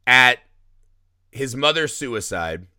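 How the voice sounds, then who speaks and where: Slow and clean-toned, this medium-pitched man hosts a podcast where he chats animatedly about a horror movie. He keeps tagging his lines with "right?" The recording is clean studio quality, with no room sound at all.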